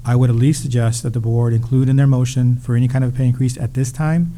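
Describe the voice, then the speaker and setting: A man's voice: mid-range voice, fairly even intonation, fast, warm tone. A man advising a school board at a meeting, careful and qualifying every point.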